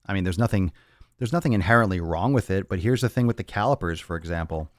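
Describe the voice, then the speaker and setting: Man, very deep voice, dry close sound, blunt and profane, rambling fitness host answering questions. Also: expressive, quick pace, no room sound. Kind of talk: casual livestream Q&A.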